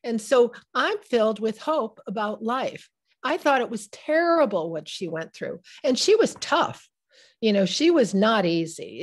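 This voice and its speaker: Emotional woman in her sixties reminiscing. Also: fairly high pitch. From Midwest United States. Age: 60s. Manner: emotional, halting, with many restarts. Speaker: author being interviewed. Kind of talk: reflective personal storytelling.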